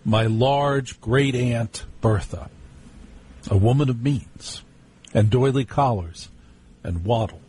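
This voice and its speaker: A man's voice: medium pitch, takes it slowly, long pauses, darkish tone, slightly rough. A man hosting a live call-in radio show, telling a wry family story in a chatty, storytelling way with asides to listeners. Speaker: radio talk show host.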